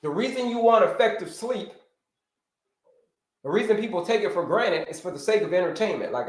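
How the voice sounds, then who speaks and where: A man coaching viewers through a livestream health lesson, with a voice pitched well above most men's. He drives his points home by repeating them and calls out viewers by name. The sound carries a roomy echo. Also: brisk, long pauses. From United States. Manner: animated teacher, repeats key points, greets viewers by name. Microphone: livestream setup.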